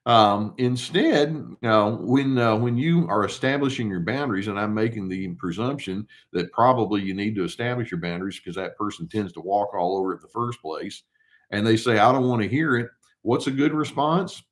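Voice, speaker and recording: An older male therapist giving casual advice, calm and unhurried, who poses rhetorical questions and answers them himself. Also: on the low side. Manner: acts out short quoted replies in a mock tone.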